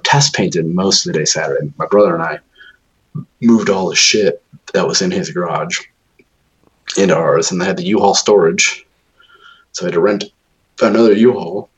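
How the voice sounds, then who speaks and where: A young man with a very deep voice, talking casually and cursing freely. He rambles through his story with lots of "like" and restarts. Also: vocal fry, low-quality recording. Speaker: new homeowner. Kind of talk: casual chat.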